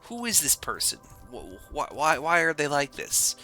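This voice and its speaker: A man's voice: on the high side, huge pitch swings, normal speed, pushed and bright, soft background music. A young man streaming a game, rambling in casual commentary with goofy, self-deprecating asides.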